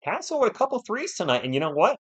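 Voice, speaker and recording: A man from New England hosting a live sports stream, giving play-by-play and answering viewers in an excitable, fired-up way. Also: high-pitched, quick pace, breathy edge. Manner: excitable, fired-up, talks straight to chat viewers. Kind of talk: live play-by-play commentary and chat replies.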